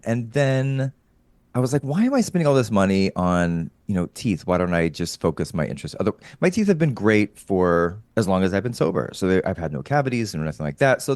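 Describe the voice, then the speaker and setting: Man, low voice, very animated pitch, swearing and laughing, dry studio sound. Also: dry recording. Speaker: podcast guest, comedian. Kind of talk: casual chat.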